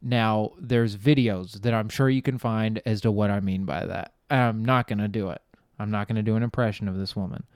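Male podcast host, casual storyteller, swears freely, clear and resonant tone. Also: fairly low pitch, fairly even intonation, moderate pace, a little mellow, no echo, clean studio sound. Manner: rambling, profane, trails off and restarts; laughs at his own jokes.

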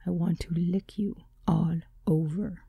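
A woman voicing an adult husband who speaks slowly and deliberately, at times in a low whisper, in a spoken memoir. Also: steady tone, warm tone, no room sound, clean studio sound, natural voice. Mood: seductive.

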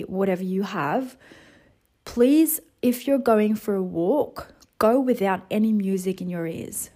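A 28-year-old woman from the Netherlands, giving a casual motivational monologue with chatty, animated storytelling. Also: medium pitch. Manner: chatty, animated storytelling with lots of "you know" and "like". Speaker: wellness vlogger.

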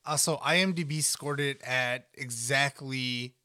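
A young man hosts a casual podcast with a bright, crisp voice. He talks easily and jokes around. His tone stays smooth and forceful. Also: mid-range voice, unhurried, dry recording. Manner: relaxed, joking, talkative. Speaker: podcast host. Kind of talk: casual chat.

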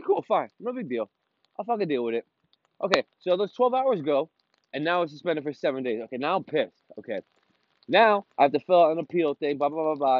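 A man's voice: a little high, no echo, muffled recording. A man hosting his own podcast, ranting casually and with a lot of swearing while he walks outdoors in the rain. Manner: profane, ranting, rambling. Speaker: podcast host. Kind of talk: casual monologue.

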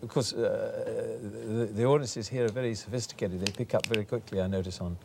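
An English actor from England as a guest in an archive TV interview, dry and hesitant. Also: male voice, on the low side, steady tone, fairly quick, gravelly, background noise.

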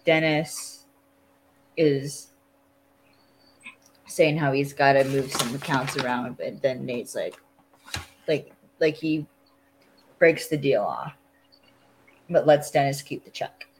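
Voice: medium pitch, slow pace, pauses often, breathy edge, low-quality recording. A podcast host recapping a TV episode in casual chat, rambling and full of fillers. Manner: rambling, filler-heavy storytelling.

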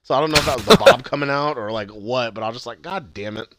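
A man's voice: medium pitch, rapid-fire, heavy background noise. A man co-hosting a casual podcast, recapping a TV episode with lots of swearing and acted-out quotes. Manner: swears often, retells scenes in acted quotes. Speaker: podcast co-host.

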